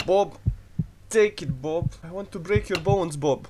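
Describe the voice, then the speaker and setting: A man's voice: high-pitched, measured pace, background noise. A man hosting a game video, giving goofy, profane let's-play commentary, taunting a character and letting out sudden yelps. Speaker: gaming video host.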